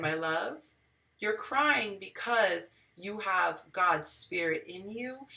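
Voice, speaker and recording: A woman's voice: on the low side, bright, forceful tone, recorded from a distance. A woman hosting a live dating advice talk, speaking to viewers in an emotional, preachy, spiritual way.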